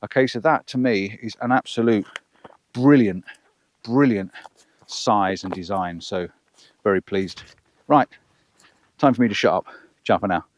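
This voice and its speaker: A man's voice: on the low side, measured pace, long pauses. A man testing a wireless lapel mic on an outdoor hillside, chatting and counting aloud and poking fun at himself. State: out of breath. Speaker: vlogger. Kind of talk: outdoor microphone range test vlog. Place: open hillside field with sheep, outdoors. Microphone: wireless lapel mic clipped on, far from camera.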